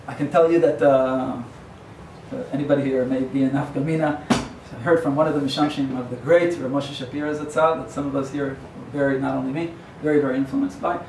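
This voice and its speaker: A rabbi with a medium-pitched, fairly even voice speaks rather quickly, delivering a sermon like a digressive, joking storyteller. He's recorded from far away in an echoey yeshiva lecture hall, with a faint hum.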